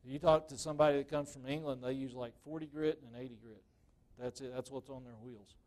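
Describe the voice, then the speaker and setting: A man's voice: medium pitch, steady tone, quick pace, darkish tone. A man demonstrating woodturning to a club audience live, talking casually and checking in with "okay?" after nearly every point.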